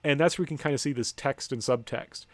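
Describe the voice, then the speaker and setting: A man's voice: medium pitch, fast, no echo. A man giving a lecture from slides, speaking conversationally with frequent ums, restarts and wry asides. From United States. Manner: conversational, hesitant, many ums and self-corrections.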